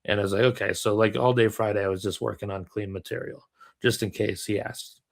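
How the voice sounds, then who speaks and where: A man's voice: fairly low pitch, a little fast, vocal fry. Laid-back man telling a rambling story. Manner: relaxed, rambling with many fillers. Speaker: comedian. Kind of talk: casual storytelling chat. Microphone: remote call.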